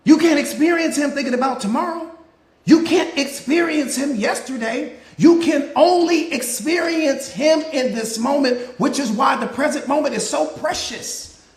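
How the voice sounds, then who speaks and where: Male motivational coach, very high pitch, preacher cadence, roomy echoey sound. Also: normal speed. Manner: preacher-like, repetitive rhetorical questions and answers. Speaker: mindset coach. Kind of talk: live motivational talk.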